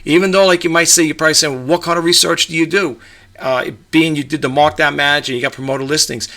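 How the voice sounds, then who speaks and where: Gravelly, bright-voiced middle-aged man rambling. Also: on the high side, steady tone, fast talker. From New York, USA. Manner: rambling, full of fillers and restarts. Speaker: eBay reseller vlogger. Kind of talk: casual talk to camera. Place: home room with a grandfather clock.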